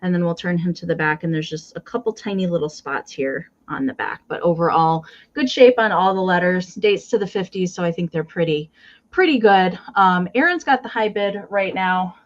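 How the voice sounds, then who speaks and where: A woman's voice: on the low side, moderate pace, highs cut off. A woman hosting a live online vintage sale, describing items and counting down bids in a chatty manner. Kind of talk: live auction selling.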